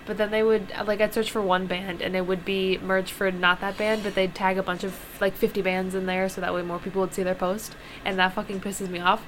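A woman's voice: medium pitch, flat delivery, fairly quick. A young woman with a mid-range voice chatting on a podcast. She talks bluntly and swears a lot, with a faint hiss behind her voice. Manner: blunt, swears, easily annoyed. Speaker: podcast co-host. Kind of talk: casual chat.

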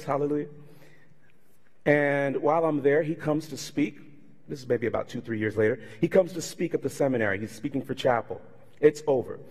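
A man pastor preaching a sermon, telling stories animatedly and acting out the people in them. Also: a little high. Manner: animated storytelling with voiced impressions. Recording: reverberant hall.

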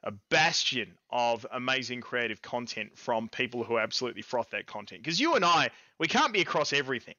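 Excitable Australian man, bright dry voice. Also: medium pitch, a little fast, hardly any pauses, dry recording, muffled recording. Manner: rambling and excitable, with fillers and laughs. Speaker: podcast co-host. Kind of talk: casual streamed podcast chat.

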